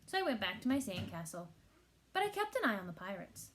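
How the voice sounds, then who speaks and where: A woman reading a children's picture book aloud with expressive storytelling. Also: medium pitch, a little fast. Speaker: teacher.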